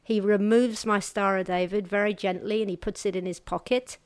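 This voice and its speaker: A woman with a medium-pitched voice tells a personal testimony, earnest and halting. She moves between brisk stretches and slow, hushed passages. The sound is dry and close, with no room around it. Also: fairly even intonation, clean tone, no room sound. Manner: halting and earnest, with restarts and hushed pauses at hard moments; vivid storyteller, shifting between brisk and slow, quiet passages. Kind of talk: personal testimony told to an audience.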